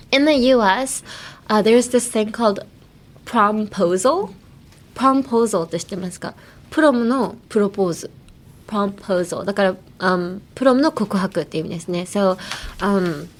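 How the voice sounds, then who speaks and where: A young woman hosting a casual bilingual language lesson, playful and giggly, drilling words over and over. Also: medium pitch. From United States. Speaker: podcast host, English teacher.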